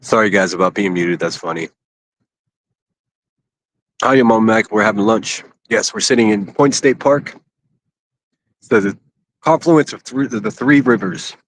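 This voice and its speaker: A man's voice: on the low side, unhurried, long pauses, slight background noise. A man from Pittsburgh chatting casually and a bit crudely on a phone livestream from an outdoor city park. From Pittsburgh, USA. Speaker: IRL livestreamer.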